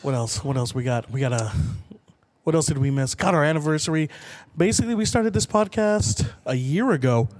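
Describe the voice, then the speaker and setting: A man co-hosting a podcast in casual chat, excitable and playful, often echoing his partner's lines. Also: on the high side, fairly quick. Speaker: podcast co-host.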